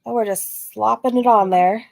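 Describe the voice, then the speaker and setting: A woman's voice: fairly high pitch, fairly even intonation, normal speed, vocal fry, a little mellow. A woman hosting a reaction video, making sarcastic, mocking remarks and reading out chat comments.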